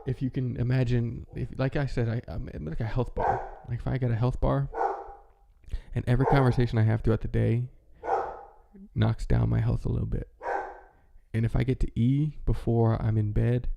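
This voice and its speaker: A man's voice: medium pitch, little pitch movement, normal speed, gravelly, lo-fi sound. A man in casual, rambling chat as a vlogger, with many fillers and restarts. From American Midwest. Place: home, with his dog nearby.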